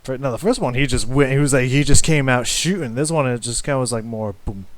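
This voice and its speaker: A man's voice: medium pitch, no echo. Rambling man reacting to music. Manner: rambling, halting, with many fillers and restarts; hums along with the riffs. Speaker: music reaction channel host. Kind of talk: casual music reaction commentary.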